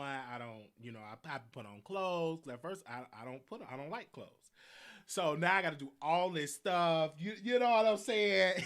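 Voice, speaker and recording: Southern guy rambling thru a story on his live show, high bright voice. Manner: rambling, repeats himself, animated, laughs a lot. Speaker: host. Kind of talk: casual live-stream storytelling.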